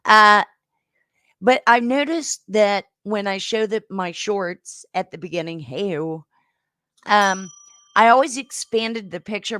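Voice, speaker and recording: A woman hosting a livestream game show, chatting casually with viewers and giving rambling, affectionate shout-outs with lots of fillers. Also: lowish voice, dry recording, studio quality.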